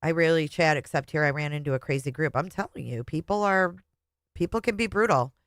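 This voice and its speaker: Woman, middle-aged, live stream host, casual and profane, low voice, dry close sound. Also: brisk, dry recording. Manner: blunt and profane, chatty. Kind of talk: casual live stream chat, reading comments.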